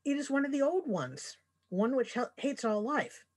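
Woman doing a serious formal girl, stern, lively but husky. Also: sits high, moderate pace, pitched above the performer's own voice, heavily acted. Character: solemn earnest young girl.

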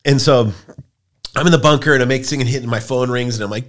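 A man in his forties, a podcast guest, tells stories in a casual, rambling and profane way, jumping into loud high voices when he quotes people. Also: fast talker. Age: 40s. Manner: acts out quoted voices with big pitch jumps. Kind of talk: casual storytelling chat.

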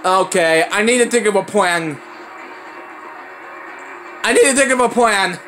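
A young man giving let's play commentary, excitable and often breaking into panicked high shouts. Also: measured pace, soft background music. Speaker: gaming channel host.

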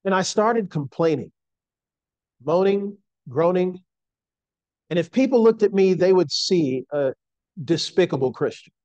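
A man's voice: high-pitched, expressive, a little mellow, no room sound, lo-fi sound. Earnest man preaching a sermon. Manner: earnest, slow emphatic delivery.

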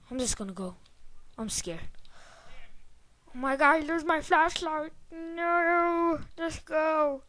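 High-voiced excitable young woman gamer. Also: slow, pauses often, dry recording. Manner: excitable, swears, talks to the game. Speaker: gameplay commentator. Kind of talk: casual let's-play commentary.

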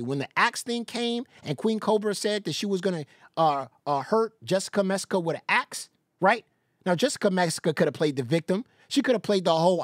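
A man hosts a casual reaction stream, telling gossip with lots of laughter. His voice sits mid-pitch and swoops widely as he gets worked up. The mic sound is dry and close. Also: dry recording. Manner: laughs a lot, animated gossipy storytelling. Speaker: live-stream reaction host. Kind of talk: casual live-stream commentary.

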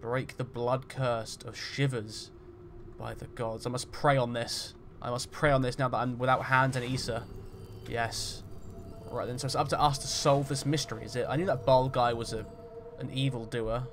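A man hosting a game roleplay, talking through it in a chatty, jokey way and getting loud and jumpy when startled. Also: medium pitch, steady tone, moderate pace, soft background music. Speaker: gaming roleplay host. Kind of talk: roleplay let's-play commentary.

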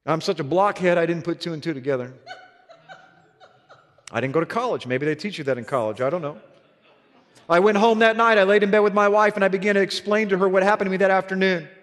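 High-voiced preacher in an echoing hall. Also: male voice, quick pace, a bit bright. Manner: earnest storytelling with emphatic repetitions. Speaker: pastor. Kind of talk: sermon.

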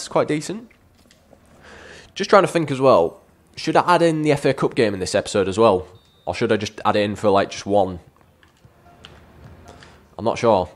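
A man giving chatty let's-play game commentary, addressing viewers as lads and breaking into frustrated shouts at the game. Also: fairly low pitch. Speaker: gaming YouTuber.

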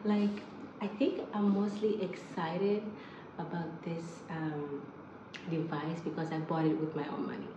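A woman chatting excitedly to her vlog viewers from home, with lots of fillers and asides. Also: low-pitched, measured pace, roomy sound, background noise. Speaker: vlogger. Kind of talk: casual vlog chat.

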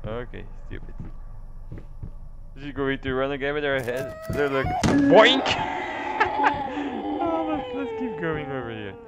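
A man's voice: medium pitch, big pitch swings, normal speed, heavy background noise. A man playing a horror game on his channel, swearing, shrieking in panic and laughing nervously. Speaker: let's play host. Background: game music.

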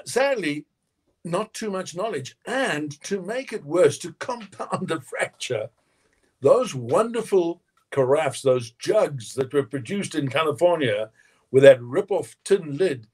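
Animated, husky-voiced male storyteller. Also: a little high, slow. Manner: animated storyteller, acts out quotes, laughs often. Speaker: winemaker guest. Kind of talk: anecdotal interview talk.

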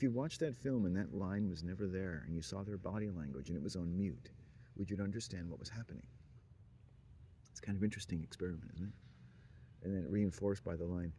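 A man's voice: low voice, fairly quick, warm tone, slight background noise. A man talking in a rambling, sardonic monologue, often laughing at his own jokes. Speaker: monologue speaker.

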